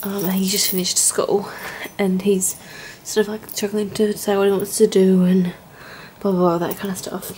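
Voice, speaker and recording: A woman's voice: medium pitch, flat delivery, moderate pace, warm tone, a little hiss or hum. Chatty young woman vlogging at home. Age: young adult. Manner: rambling, chatty, heartfelt. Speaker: au pair vlogger. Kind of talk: casual vlog chat. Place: indoors at home.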